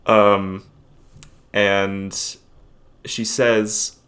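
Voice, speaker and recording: Young male vlogger, low voice, halting and self-deprecating, casual confessional delivery. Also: flat delivery, fairly bright tone. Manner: hesitant, rambling, self-deprecating.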